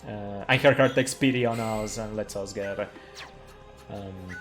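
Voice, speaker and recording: A man giving casual live commentary on his speedrun of a game, chatty, full of fillers and quick laughs. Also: fairly low pitch, a bit bright. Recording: faint music behind. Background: faint game music.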